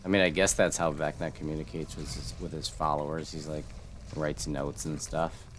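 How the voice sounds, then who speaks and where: A man's voice: extremely low pitch, normal speed, slight background noise. A man casually chatting and joking while streaming a video game. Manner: joking, relaxed. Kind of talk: casual gameplay chat.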